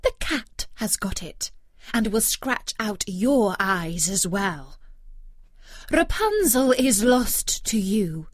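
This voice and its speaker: A woman reading aloud, voicing a wicked, spiteful old enchantress in a shrill, scolding way. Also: very animated, takes it slowly, dry recording, studio quality. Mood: mocking.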